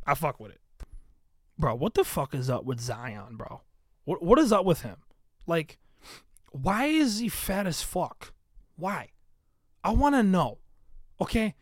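A man's voice: fairly high pitch, very animated, measured pace, long pauses, dry recording, studio quality. A man hosting a podcast, talking in a casual, profane, ranting way about basketball. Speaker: podcast host. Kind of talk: casual sports chat.

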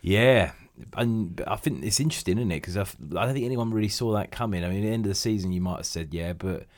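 A man co-hosting a casual sports chat podcast, wry and teasing, with frequent quick agreement. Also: lowish voice, a little mellow, no echo. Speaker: podcast co-host.

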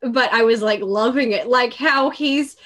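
A woman hosting a movie podcast over a remote call, with a fairly high voice. She talks expressively in casual chat, acting out quotes and swearing freely. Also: unhurried, fairly bright tone. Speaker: podcast host.

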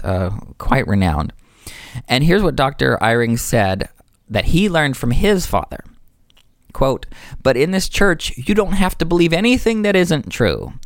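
A man's voice: medium pitch, no room sound. Earnest man, dry close sound. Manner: enthusiastic, explanatory, self-correcting. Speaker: religious discussion speaker. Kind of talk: earnest religious discussion.

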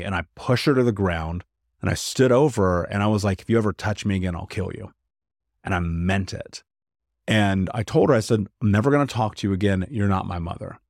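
A man with a fairly low voice gives a candid interview as a podcast guest. He talks loosely and frankly, leans on "like," and repeats words to drive his point home. The sound is close and dry. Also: no room sound. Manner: frank, conversational, peppered with "like"; emphatic repetition. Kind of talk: candid personal storytelling interview.

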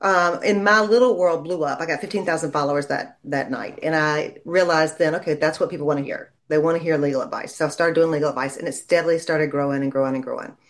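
A woman, a lawyer chatting in an interview and telling stories in a lively way. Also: low voice, fast, hardly any pauses. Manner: chatty storyteller, animated when quoting people. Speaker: lawyer and legal commentator. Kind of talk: casual interview chat.

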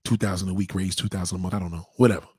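A man's voice: deep voice, steady tone, very fast, a little mellow, slightly rough, no room sound, voice pushed down. A man voicing a smug, scheming male boss in a mocking, scoffing tone while telling a story.

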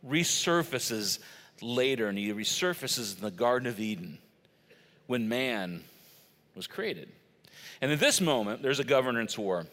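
A man's voice: a little high, sharp tone. A middle-aged man preaching a sermon, telling stories conversationally with emphatic stresses. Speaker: pastor. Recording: long reverb of a large church hall.

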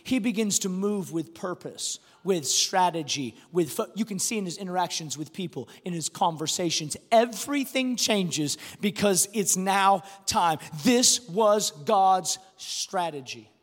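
A pastor preaching a sermon, telling a family story with lots of restarts and animated delivery. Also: male voice, high-pitched, a little slow, few pauses. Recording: long hall reverb.

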